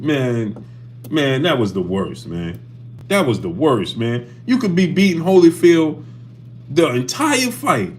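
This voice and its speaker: A man hosting a casual boxing livestream, talking animatedly and greeting chat viewers by name. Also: a little high.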